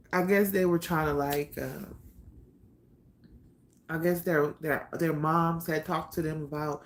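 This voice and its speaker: Woman, low gravelly voice, hesitant personal storyteller, lots of pauses. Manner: halting, soft-spoken, trailing off with many pauses and sighs.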